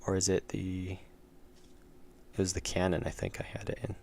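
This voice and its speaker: A man's voice: sits low, little pitch movement, unhurried, creaky, darkish tone, a little hiss or hum. A man streaming his game development, talking through his code as he works and chatting with viewers. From United States. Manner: thinks aloud, mumbles while working, chats with viewers. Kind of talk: casual live-stream commentary while coding.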